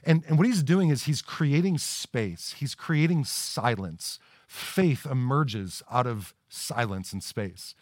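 A male pastor delivers a conversational sermon to people watching at home. His voice sits at a middle pitch and stays casual, with frequent restarts and repeated words. The sound is dry and close, with no room echo. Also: lively intonation, takes it slowly, darkish tone. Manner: conversational, repeats words when starting sentences. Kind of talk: livestreamed sermon.

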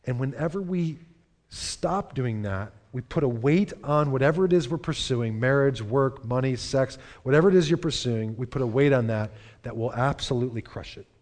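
A man's voice: mid-range voice, expressive, moderate pace, darkish tone. A man preaching a sermon in a church, earnest and repeating phrases for emphasis. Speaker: pastor. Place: church hall.

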